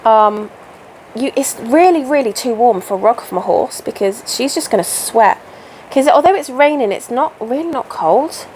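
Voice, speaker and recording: A woman in her thirties chats casually while she stitches at home, wandering from topic to topic and breaking off mid-thought. Her voice sits a little high. A faint hum of the room can be heard behind her. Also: expressive, normal speed, a little mellow. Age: 30s. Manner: chatty, rambling, self-interrupting. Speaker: crafting channel host. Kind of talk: casual stitch-along chat. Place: home, indoors.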